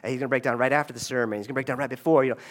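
A pastor preaching a lively, conversational sermon in a church and drawing the congregation into call-and-response. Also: male voice, mid-range voice, rapid-fire. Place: church sanctuary.

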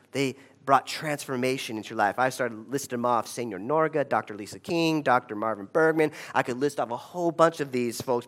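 Guy telling a story to a crowd, kinda high voice, chatty, keeps asking right?. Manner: conversational, asks the audience "right?". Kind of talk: storytelling talk.

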